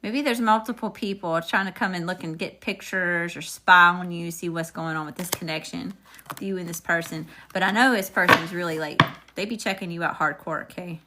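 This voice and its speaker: A woman's voice: lowish voice, fairly even intonation, fairly quick, bright, forceful tone, a little hiss or hum. A woman doing a live tarot reading, chatting with viewers and calling out upbeat greetings. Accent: regional accent, unnamed. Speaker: tarot reader.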